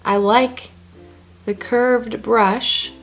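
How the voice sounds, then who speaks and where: A woman's voice: a little high, fairly even intonation, drawn-out words, a bit bright, soft background music. A woman casually talking through her makeup routine step by step, chatty and joking as she goes. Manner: chatty, self-narrating each step; joking asides. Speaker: beauty blogger.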